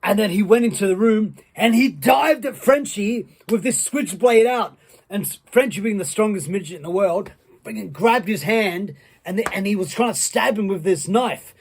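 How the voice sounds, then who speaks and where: A man, a former wrestler, telling a rambling, profane anecdote that builds excitement. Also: high-pitched, normal speed, breathy edge. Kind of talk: casual anecdote.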